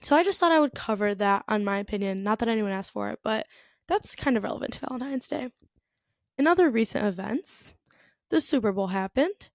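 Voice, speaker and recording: A woman's voice: on the high side, lively intonation, fairly quick, no room sound. Chatty young woman podcaster, dry sound. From United States. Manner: chatty, lots of "like" and "you know". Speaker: podcast host. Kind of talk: casual solo podcast monologue.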